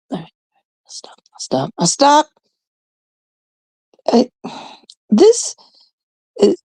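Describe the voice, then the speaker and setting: A woman's voice: fairly low pitch, creaky, mellow, slightly rough, poor audio. A woman in her thirties, a host from Canada, telling a rambling, casual story full of swearing and quoted voices. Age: 30s.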